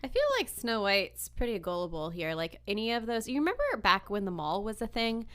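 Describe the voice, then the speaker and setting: Podcast co-host, woman, mid-pitched voice, wry casual banter. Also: animated, brisk, fairly bright tone, smooth. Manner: wry, joking interjections. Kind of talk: casual chat.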